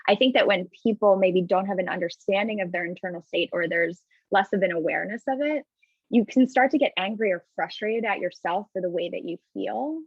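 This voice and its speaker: A woman's voice: mid-range voice, brisk, breathy edge, no echo, dull audio. A woman therapist co-hosting a podcast, talking candidly and reflectively about her emotions, swearing casually, recorded over a remote call. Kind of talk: casual chat.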